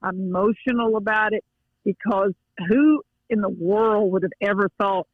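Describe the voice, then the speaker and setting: A middle-aged woman with a Louisiana accent, a basketball coach, calls in as a guest for an emotional phone interview. She's heartfelt and folksy, with many restarts, and her medium-pitched voice moves at a moderate pace over a dull, dry phone line with no room sound.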